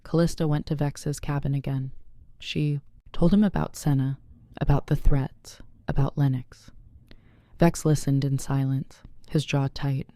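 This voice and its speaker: A narrator reading a werewolf romance story in even, measured scripted narration. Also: medium pitch, no room sound.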